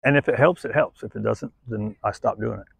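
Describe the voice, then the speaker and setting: A dog trainer speaks bluntly and swears freely while working a dog on a playground jungle gym outdoors, tagging sentences with "right?" and shifting to a far higher coaxing voice for the dog. His voice is creaky and slightly rough, and the recording is dry.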